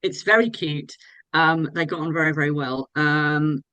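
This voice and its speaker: A woman's voice: sits low, moderate pace, bright, forceful tone, smooth, dry recording, poor audio. Enthusiastic woman fan, dry close sound. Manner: enthusiastic, gushing. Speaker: fan being interviewed. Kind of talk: casual interview chat.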